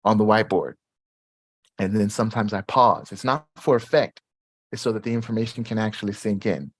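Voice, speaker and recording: A man hosting a live Q&A stream, talking in an animated, repetitive way and jumping up high in pitch when excited. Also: fairly quick, dry recording, clean studio sound. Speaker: host.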